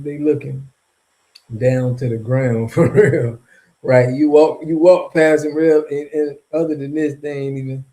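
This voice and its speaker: A man's voice: medium pitch, warm tone. A man from Florida giving casual, rambling commentary in a vlog, heavy on slang and chuckling between points. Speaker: vlogger.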